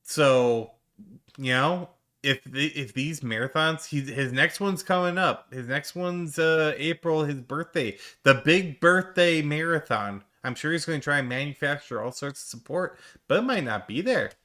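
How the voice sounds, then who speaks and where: A man's voice: a little high, animated, unhurried, bright, forceful tone. A man giving sarcastic, mocking reaction commentary on a stream clip, swearing freely.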